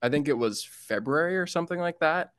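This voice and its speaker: A man's voice: a little high, animated, brisk, a bit bright, smooth, dry recording, clean studio sound. A man in his twenties, a financial planner and podcast guest, telling stories in an upbeat way and laughing often. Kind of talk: casual interview storytelling.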